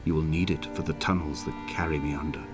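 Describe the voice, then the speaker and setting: A brooding lonely island narrator. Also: male voice, rumbling low, fairly even intonation. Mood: melancholy. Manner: somber, reflective, measured. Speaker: game narrator. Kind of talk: scripted narration. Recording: game audio with loud music.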